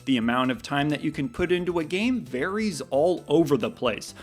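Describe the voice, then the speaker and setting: A man's voice: fairly high pitch, lively intonation, normal speed. A man hosting a gaming video, delivering scripted commentary in a wry, playful, emphatic way.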